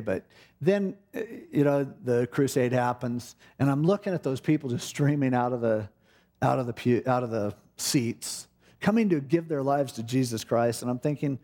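A middle-aged man preaching a sermon, telling a personal story with animated delivery and acting out the voices in it. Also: mid-range voice, normal speed. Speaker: pastor.

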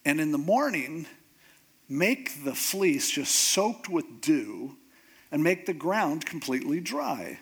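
A man's voice: on the high side, big pitch swings, takes it slowly, vocal fry, breathy edge, full character voice. Nervous, self-doubting young man, hesitant, a man playing him. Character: timid, doubting young man from a small clan.

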